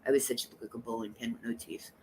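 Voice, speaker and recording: A woman hosting a casual livestream, chatting in a rambling, blunt and animated way and greeting viewers by name. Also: extremely low pitch, very fast, slight background noise. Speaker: livestream host.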